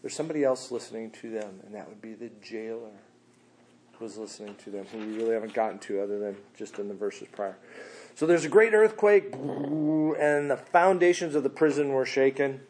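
A man preaching a sermon in a loose, slangy way, swinging between quiet asides and loud, animated bursts. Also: medium pitch, fairly quick.

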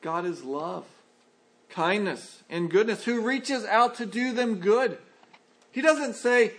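A pastor delivers a sermon in a fairly high voice. He speaks earnestly and with life, acting out the voices he quotes. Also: lively intonation, takes it slowly, a bit bright.

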